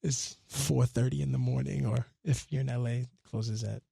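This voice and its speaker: Man guest on a radio show, even mid voice, close dry studio mic, easygoing, talks through his lyrics. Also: medium pitch, normal speed, gravelly, breathy edge, no echo. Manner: relaxed, half-sings and recites his lyrics. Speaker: guest musician. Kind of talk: casual radio interview.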